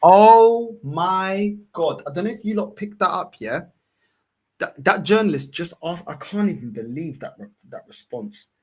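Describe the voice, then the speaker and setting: A man's voice: a little high, expressive, normal speed, fairly bright tone, husky. A man hosting a fan live stream, ranting furiously and swearing over and over. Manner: furious, swearing, repetitive outbursts. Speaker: fan channel host. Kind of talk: angry live-stream rant.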